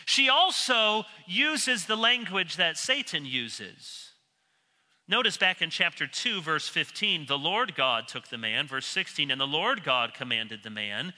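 A man preaching an expository sermon, emphatic and animated, dropping low and quiet when he quotes others. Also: a little slow. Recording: long reverb of a large hall.

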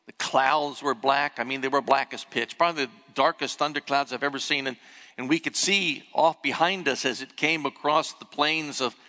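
An older man, a pastor, preaching a sermon and telling a story with animated emphasis. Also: mid-range voice, normal speed, in a large hall. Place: church sanctuary.

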